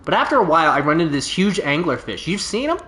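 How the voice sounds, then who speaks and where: A man's voice: on the high side, very animated, quick pace, sharp tone. A man voicing a boastful, laid-back stranded alien pilot from a video game, telling his tale in a folksy, drawling way. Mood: easygoing boastful. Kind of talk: reading game dialogue aloud. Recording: roomy echo.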